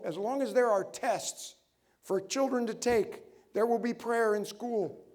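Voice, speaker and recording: A middle-aged man preaching a sermon to his congregation, animated, asking the room rhetorical questions. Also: high-pitched, normal speed. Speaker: pastor.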